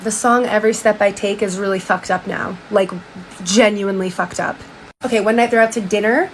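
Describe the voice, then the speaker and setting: A woman's voice: medium pitch, fairly even intonation, a little fast, a little hiss or hum, low-quality recording. A woman casually retelling a book and commenting on it in a chatty, slangy style, with frequent "like"s and swearing. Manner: slangy, profane, chatty with many "like"s. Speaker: commentary vlogger.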